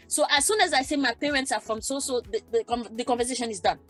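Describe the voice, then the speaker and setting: A woman who grew up in Germany, speaking as a panelist in a discussion, talking in an animated way with many restarts and repeated words. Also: on the high side, quick pace, hardly any pauses, soft background music. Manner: animated, acts out quoted exchanges, repeats herself.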